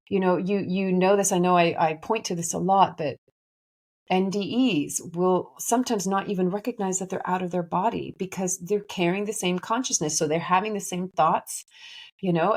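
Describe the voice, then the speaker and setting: Gravelly-toned woman musing on intuition. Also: fairly low pitch, darkish tone. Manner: thoughtful, rambling, many fillers and restarts. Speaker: spiritual intuitive reader. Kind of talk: casual reflective monologue.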